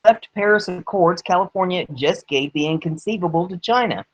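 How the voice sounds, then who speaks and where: A woman's voice: fairly low pitch, lively intonation, a little fast, low-quality recording. A woman hosting an online news commentary show. She reads each article aloud, then adds sarcastic, pointed remarks and leans hard on key words.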